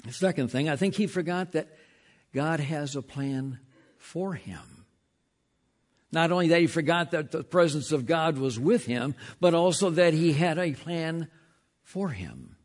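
A man preaching a sermon as pastor, emphatic, often slowing and dropping to a hush on key lines, with frequent repeated words as he restarts. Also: fairly high pitch, expressive.

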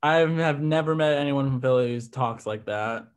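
A man's voice: mid-range voice, normal speed, clear, resonant tone. A man co-hosting a podcast, chatting casually as he recaps a TV episode, with lots of "like" fillers. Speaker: podcast co-host.

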